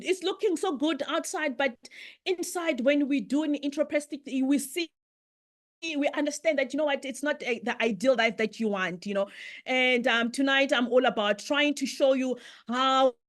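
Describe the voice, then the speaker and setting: Middle-aged woman, slightly high, loud and fervent; guest speaker, motivational business pitch on a video call. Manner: loud, excitable, preacher-like fervor.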